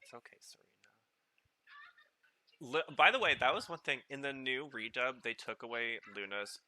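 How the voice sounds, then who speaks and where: Podcast host, male, very bright and sharp tone, chatty filler-heavy watch-along commentary. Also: mid-range voice, normal speed. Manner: rambling, filler-heavy, excitable reactions.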